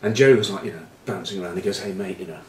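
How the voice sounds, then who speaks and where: Speaking very fast in a low, somewhat mellow voice, an ex-rugby player chats informally as a pundit. His anecdotes wander, peppered with ums and uhs and dry humor, recorded on a distant mic in a roomy space.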